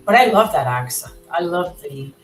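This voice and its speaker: A Canadian woman hosts a livestream, chatting casually with a guest and reading viewer comments aloud. Her voice is on the low side and expressive at a moderate pace, with soft music behind it and poor audio.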